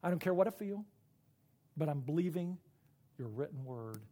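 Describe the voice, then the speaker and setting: A middle-aged man preaching a sermon, earnest and emotional, often halting and repeating words. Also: a little high, lively intonation, warm tone. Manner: earnest and personal. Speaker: pastor.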